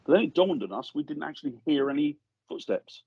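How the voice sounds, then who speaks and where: A husky-voiced man is a guest in a studio, telling a story in a relaxed, conversational way. He acts out the voices of the people he quotes. The sound is close and dry, with a slightly dull edge. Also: fairly high pitch, fast, no echo. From England. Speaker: guest paranormal investigator. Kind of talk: casual storytelling anecdote.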